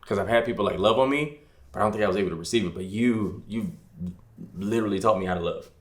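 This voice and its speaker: Deep-ish guy, laid back, lots of "like", echoey room. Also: fast. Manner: relaxed, heavy use of "like", teasing. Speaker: podcast co-host, husband. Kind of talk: casual chat.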